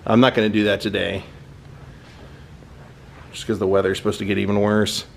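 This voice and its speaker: A man's voice: on the low side, level tone, moderate pace, vocal fry. A man giving a casual, admiring walking tour of a car museum, thinking aloud as he goes. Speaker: vlogger touring a car museum.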